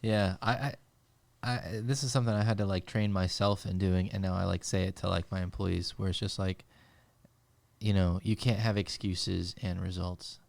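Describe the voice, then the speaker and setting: A man who runs a business and has employees, calmly reflecting on ownership in a podcast chat. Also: sits low, normal speed, vocal fry, dry recording. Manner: thoughtful, steady, reflective. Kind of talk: casual podcast conversation.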